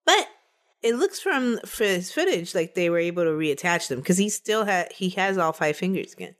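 A woman's voice: fairly low pitch, animated, moderate pace. A woman co-hosting a podcast, telling a true-crime case in a casual, chatty way and laughing between the facts.

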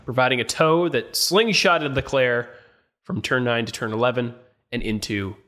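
Podcast cohost, bright sharp voice, reads the lineup out steady. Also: male voice, mid-range voice. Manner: reads lists with measured pauses. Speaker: podcast co-host. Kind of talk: casual chat and reading a race grid.

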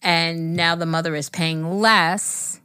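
A woman's voice: lowish voice, steady tone, takes it slowly, sharp tone, smooth, no room sound, clean studio sound. A woman co-hosting a casual podcast, reacting with gasps and laughs. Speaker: podcast co-host.

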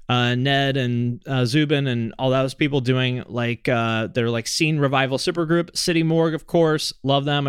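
A man hosting a podcast, answering listener questions in a relaxed, rambling way with lots of fillers. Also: medium pitch, clear, resonant tone, dry recording, studio quality. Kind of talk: casual chat.

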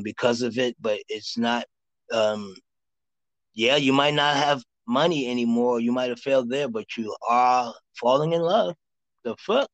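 A man's voice: mid-range voice, no echo, poor audio. A man from Harlem with a New York accent, giving loose, slangy tarot readings to callers on a live show. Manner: loose street talk, playful vocal riffs. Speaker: tarot card reader.

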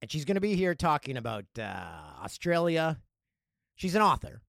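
Man hosting a podcast, bit high-pitched and lively, jokey delivery, dry close sound. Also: normal speed, vocal fry, no echo. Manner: animated, jokey, riffing. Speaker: podcast host. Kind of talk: casual solo podcast chat.

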